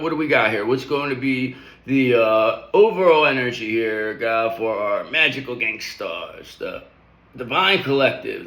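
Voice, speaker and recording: A man in his middle range of pitch hosts a casual spiritual tarot reading. His talk is loose and rambling, full of slang and repeated check-ins. The room around him rings with echo. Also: fairly bright tone. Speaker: tarot reader.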